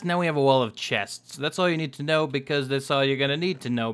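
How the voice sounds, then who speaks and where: A young gaming YouTuber gives casual, rambling commentary on a Minecraft let's play, joking around and correcting himself as he builds. His medium-pitched voice is a bit bright, at a moderate pace with hardly any pauses.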